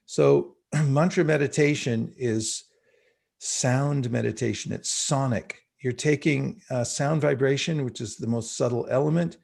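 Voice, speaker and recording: Teaching a spiritual class by video call, a man talks in a reflective way and chants mantras slowly so his listeners can repeat them. He has a mid-range, creaky voice with a darkish tone.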